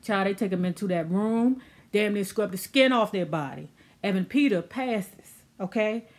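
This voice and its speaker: A woman's voice: mid-range voice, moderate pace. A woman casually recapping a TV episode in a sassy, chatty way full of slang asides. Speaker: TV recap vlogger.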